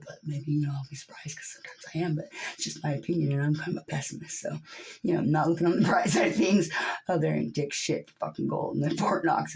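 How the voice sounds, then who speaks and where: A woman with a somewhat low-pitched voice delivers a profane, angry monologue to her camera. She drops into low muttering, then climbs into loud yelling, and she sounds upset throughout. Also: vocal fry, poor audio. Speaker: vlogger.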